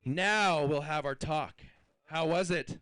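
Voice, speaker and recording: A man's voice: fairly high pitch, slow pace, fairly bright tone, clear, resonant tone, no room sound, rough recording. A man emceeing a fishing tournament weigh-in, announcing weights and hyping the crowd in an upbeat way.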